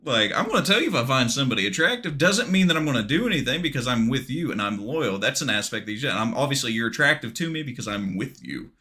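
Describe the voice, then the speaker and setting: Bright-voiced man in candid chat. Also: mid-range voice, fast, hardly any pauses. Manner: candid, swearing, animated storytelling. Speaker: streamer co-host. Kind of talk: casual podcast chat.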